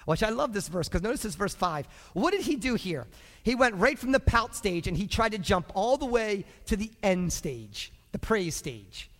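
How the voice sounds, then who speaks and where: A man preaching a sermon as the church's pastor, moving between quiet asides to his congregation and loud, shouted exhortation. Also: high-pitched, big pitch swings, normal speed, in a large hall. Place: church sanctuary.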